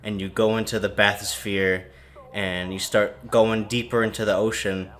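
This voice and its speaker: A man's voice: lowish voice, little pitch movement, moderate pace, a bit bright. A tipsy man on a podcast, rambling loosely through a story and laughing at his own bits. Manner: rambling, laughing, silly put-on quote voices. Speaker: podcast co-host. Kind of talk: casual drunken story retelling.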